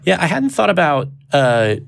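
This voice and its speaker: A man co-hosting a podcast, riffing in a quick, playful way. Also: fairly high pitch, huge pitch swings, vocal fry. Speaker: podcast co-host. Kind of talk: casual panel discussion.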